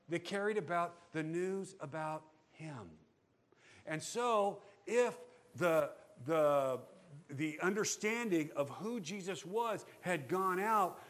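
A male pastor preaching a sermon, animated, asking the congregation rhetorical questions. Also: sits high.

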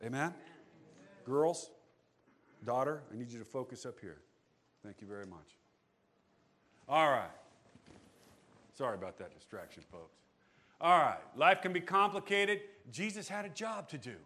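A male pastor preaching a sermon, animated, asking the congregation rhetorical questions. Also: mid-range voice, unhurried, long pauses.

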